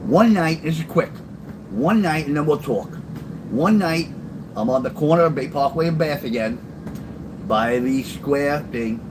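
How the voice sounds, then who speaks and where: Over a noisy background, an older man with a fairly high voice reads his memoir on a phone live stream, telling blunt, profane street stories and loudly acting out quoted lines.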